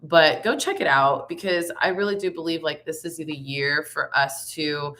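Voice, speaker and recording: A young woman hosts a casual spiritual vlog with a raspy voice, still hoarse after laryngitis. Her tone sits low yet bright and forward, and she talks upbeat, chatty and slangy. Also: moderate pace. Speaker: tarot reader and singer.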